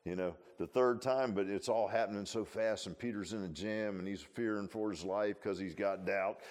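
A man's voice: lowish voice, moderate pace, darkish tone. A man preaching a sermon in a folksy, conversational way, full of rhetorical questions and asides.

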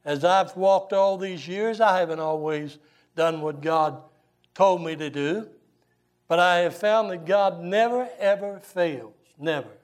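An older man, a Baptist pastor preaching a sermon and telling folksy, animated stories. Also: sits high, a little slow. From Southern US. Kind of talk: sermon with storytelling.

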